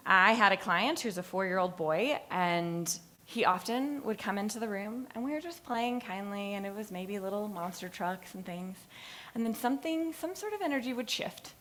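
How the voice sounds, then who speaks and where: A woman's voice: mid-range voice, normal speed. A woman giving a class presentation, telling stories with energy, acting out moments and laughing at herself. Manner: animated storytelling, acting out moments; laughs at her own stories. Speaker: student presenter. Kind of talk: lively capstone presentation.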